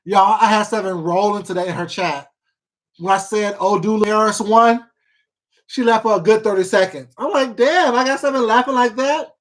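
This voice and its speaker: A mid-range voice at a moderate pace belongs to a livestream host casually chatting with viewers and reading their comments. The talk is rambling, profane gossip full of repeats and fillers, with people called baby and sweetheart.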